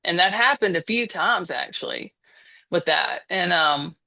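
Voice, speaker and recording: This Southern United States woman in her fifties speaks with a Southern American accent, chatting casually as a podcast guest in a hesitant way full of restarts and fillers. Her lowish voice is expressive and sharp in tone, and a little slow.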